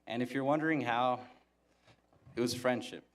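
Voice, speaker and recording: A young man gives a graduation speech from a podium mic in a flat, monotone voice. His humor is dry and self-mocking, and his voice sits at a middle pitch. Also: normal speed, a little hiss or hum. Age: young adult. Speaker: valedictorian giving a graduation speech. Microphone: podium microphone.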